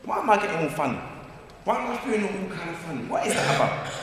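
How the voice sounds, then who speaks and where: A man speaking at a community forum, telling stories in lively slang and often asking if people follow him. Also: sits high, fast talker, a little hiss or hum. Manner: lively, storytelling, slangy, asks "you get me?". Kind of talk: animated community discussion. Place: large community hall. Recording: echoey hall, distant mic.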